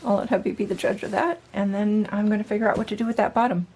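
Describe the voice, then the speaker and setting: A woman's voice: medium pitch, steady tone, quick pace, a little mellow, husky, low-quality recording. Chatty woman thinking aloud while crafting. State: out of breath at times. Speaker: DIY vlogger. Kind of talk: casual talk-through while working. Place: camper interior.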